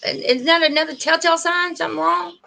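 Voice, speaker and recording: A woman hosting a livestream, rambling warmly and earnestly straight to her viewers in casual chat. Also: extremely high pitch, fairly even intonation, quick pace, creaky. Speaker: livestream host.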